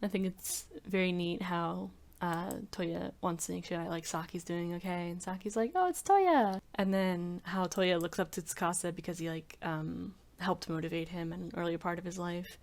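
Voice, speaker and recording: Woman video creator, casual rambling commentary, filler-heavy delivery, slightly low pitch. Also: flat delivery, normal speed, gravelly, few pauses.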